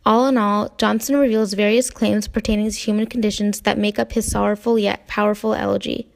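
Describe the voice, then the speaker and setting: A woman's voice: mid-range voice, level tone, brisk, vocal fry. A young woman reading a prepared class analysis of a poem. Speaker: student presenter.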